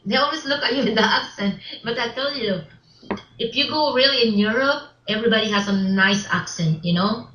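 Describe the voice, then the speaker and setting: A woman being interviewed about her film work, speaking haltingly with many restarts and broken grammar. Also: fairly high pitch, a bit bright, slight background noise. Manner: halting, repeats words, non-native English grammar. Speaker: interview guest, filmmaker. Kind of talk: casual interview. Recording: roomy, dull lo-fi sound.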